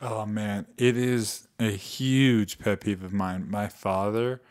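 A man chatting casually on a podcast, rambling and halting over his words. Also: on the low side, fairly even intonation, a little mellow. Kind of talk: casual chat.

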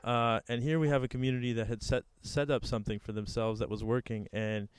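A man interviewing a guest, speaking in a measured way with hesitant restarts. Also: medium pitch, steady tone, smooth, no room sound. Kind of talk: conversational interview.

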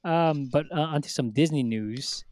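A man's voice: fairly high pitch, moderate pace, darkish tone, no room sound. A man co-hosting a casual podcast chat, rambling with many fillers and acting out quotes. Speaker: podcast co-host.

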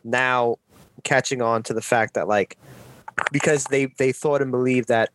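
A man's voice: medium pitch, steady tone, a little slow, background noise. A man in a casual podcast chat over a video call, rambling with lots of restarts and swearing freely.

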